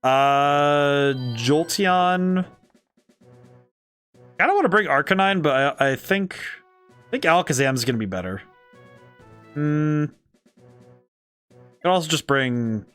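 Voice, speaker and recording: A man giving casual live-stream commentary on a game he is playing, excitable, laughing often and thinking aloud. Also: on the high side, slow pace, long pauses, clean tone, faint music behind.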